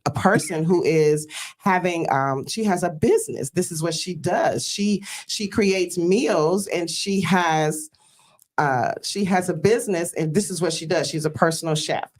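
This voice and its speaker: Host, woman from Detroit, fairly low voice, earnest storyteller, calls out praise. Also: a little slow. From Detroit, USA. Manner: earnest, storytelling, with frequent fillers; exclaims praise like a church greeting. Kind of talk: casual emotional talk-show hosting.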